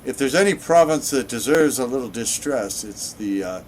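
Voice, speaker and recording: A man's voice: medium pitch, lively intonation, normal speed, slight background noise, pitched above the performer's own voice, close to an everyday voice. A man voicing a scornful male Nord diplomat with a put-on Nord accent and a blustering, contemptuous manner.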